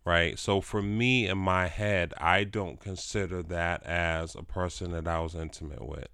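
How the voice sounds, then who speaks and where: A man's voice: sits low, fairly even intonation, a little slow, bright, forceful tone, clear, resonant tone, no room sound, clean studio sound. A man chatting casually on a podcast, rambling with lots of fillers like "like" and "you know". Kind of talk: casual chat.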